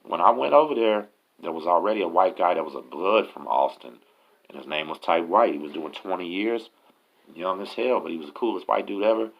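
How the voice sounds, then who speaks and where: Gravelly deep-voiced man. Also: a little fast. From Galveston, Texas. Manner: profane, streetwise slang. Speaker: host telling prison stories. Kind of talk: casual storytelling. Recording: dull lo-fi audio.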